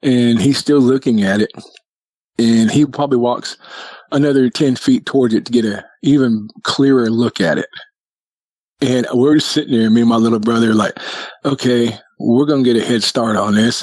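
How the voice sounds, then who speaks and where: A man's voice: normal speed, a little mellow, dry recording. A man telling a childhood story in casual conversation, lifting his voice to act out what his family said. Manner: acts out family dialogue with raised pitch. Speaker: guest telling a sighting story.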